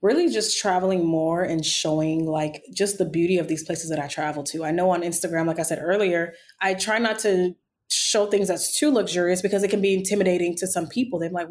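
A woman raised in Texas, a travel vlogger chatting as an interview guest and telling lively stories with frequent laughter. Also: fairly low pitch, brisk. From born in Nigeria, raised in Texas. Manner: animated storyteller, laughs often. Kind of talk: casual interview chat.

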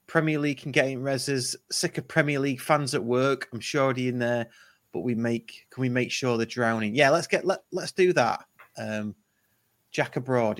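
A man's voice: medium pitch, a bit bright. Rambling male football podcast host. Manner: rambling, restarts often, chuckles. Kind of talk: casual football chat.

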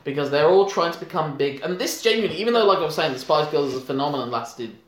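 A man's voice: on the high side, expressive, fast talker, a bit bright, a little hiss or hum. A man co-hosting a podcast, chatting casually about a film, rambling with lots of restarts and laughs. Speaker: podcast co-host. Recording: echoey room.

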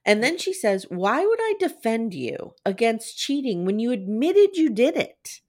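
Woman, podcast co-host, casual recap chat, animated pitch, quotes scenes with asides. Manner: retells scenes with quoted lines, quick asides.

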